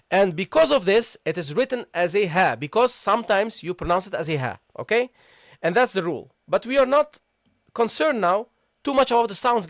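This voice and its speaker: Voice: mid-range voice, dry recording, clean studio sound. A patient language teacher giving a live online lesson, repeating key points and checking in with the class. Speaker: Arabic teacher.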